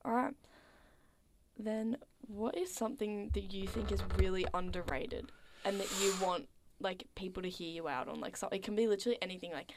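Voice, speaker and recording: A young woman chatting casually and asking questions, filling her talk with "like" and trailing off softly at times. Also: mid-range voice, brisk, slight background noise. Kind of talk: casual chat.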